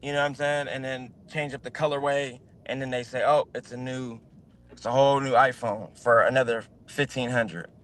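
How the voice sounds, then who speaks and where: A man's voice: mid-range voice, steady tone, normal speed, a bit bright. Rambling man on a video call. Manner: rambling, with many fillers and restarts. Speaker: guest on a livestream. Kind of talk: casual chat.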